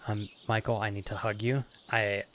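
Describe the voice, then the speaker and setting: A male streamer, choked up and close to tears, thanking his viewers in halting, stammering bursts. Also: fairly low pitch, level tone, fairly bright tone, a little hiss or hum. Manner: halting, restarting, stammering with emotion. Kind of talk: emotional live-stream thank-you to chat.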